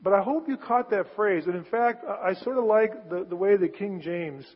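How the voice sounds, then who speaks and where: A man's voice: high voice, normal speed, slightly rough. A male pastor preaching a conversational sermon, acting out biblical dialogue with rising intensity. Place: church sanctuary. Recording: dull sound with long church reverb.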